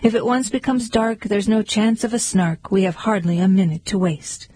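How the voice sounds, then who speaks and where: A woman's voice: medium pitch, fairly even intonation, normal speed, warm tone, slightly rough, no room sound, natural voice. A woman reading verse aloud, voicing an impatient male ship's bellman who cuts others short. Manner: impatient, exclaiming.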